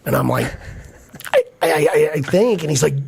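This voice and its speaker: A man in a casual podcast chat, telling his life stories in an animated way and acting out the voices of the people in them. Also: on the high side, quick pace, creaky, husky. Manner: animated storyteller, acts out voices. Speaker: podcast guest. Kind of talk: casual storytelling.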